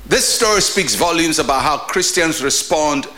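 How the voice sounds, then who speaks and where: A man preaching as a pastor in a short daily devotional sermon, emphatic, with animated rises. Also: a little high, normal speed.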